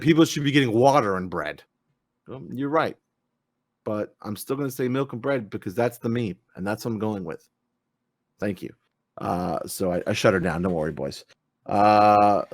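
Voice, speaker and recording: A man's voice: medium pitch, a bit bright, dry recording, clean studio sound. A man hosting a live-streamed gaming talk show, chatting loosely with lots of fillers and the odd swear word. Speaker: podcast host. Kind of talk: casual live-stream chat.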